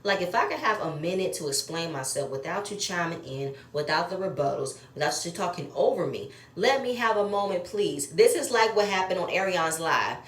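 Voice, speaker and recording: A woman's voice: fairly low pitch, expressive, normal speed, few pauses. A woman giving blunt, profane, opinionated commentary while she reviews a reality show episode. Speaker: reality TV recap host. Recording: echoey room.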